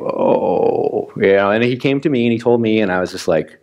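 Animated Midwestern pastor preaching. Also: male voice, on the low side, brisk. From Wisconsin, US. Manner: chatty and animated, acts out his own reactions. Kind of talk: sermon. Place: church sanctuary.

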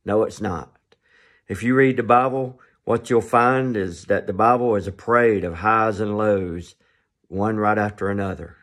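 A man preaching a sermon, telling stories and asking rhetorical questions. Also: mid-range voice. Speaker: pastor.

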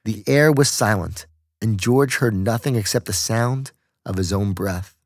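Reading an audiobook at an even, deliberate pace, this male narrator has a voice on the lower side. The recording is dry and of studio quality.

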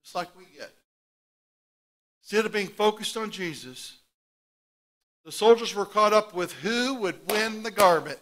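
A middle-aged pastor preaches a sermon through stories, swinging animatedly between loud outbursts and hushed asides. His voice is high, and he speaks unhurriedly with frequent pauses.

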